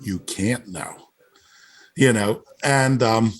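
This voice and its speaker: A man's voice: mid-range voice, slow pace. A man who is a guest on a casual podcast, telling a long story and repeating "he goes" as he talks.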